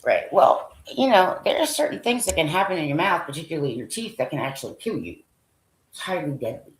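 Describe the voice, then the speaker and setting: A woman vlogger with a low voice and big pitch swings thinks aloud while browsing a website, talking briskly and rambling with lots of fillers. She sometimes drops to a whisper as she reads items off a list, and the poor-quality audio sounds roomy.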